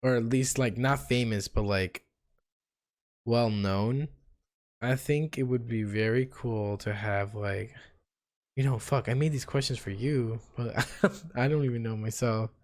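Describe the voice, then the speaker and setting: Young male co-host, mid pitch, relaxed rambling chat. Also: unhurried. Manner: easygoing, rambling, laughs a lot. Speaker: podcast co-host. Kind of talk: casual chat.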